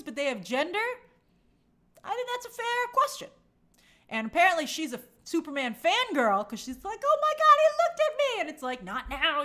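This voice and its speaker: Chatty high-pitched woman reviewing a trailer. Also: fairly bright tone. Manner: chatty and opinionated, with lots of fillers and mock quotes. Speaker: film trailer reviewer and host. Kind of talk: casual trailer breakdown commentary.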